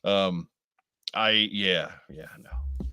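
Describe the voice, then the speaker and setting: A man co-hosting a casual podcast, talking in halting bursts and often repeating his first words. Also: low voice, bright, forceful tone, dry recording. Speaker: podcast co-host.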